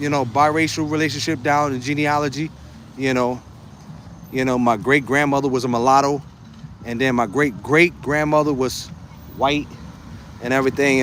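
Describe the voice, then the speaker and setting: A man chatting casually on a livestream, reading viewer comments, laughing often and repeating phrases as he talks. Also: mid-range voice. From United States. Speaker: livestream host.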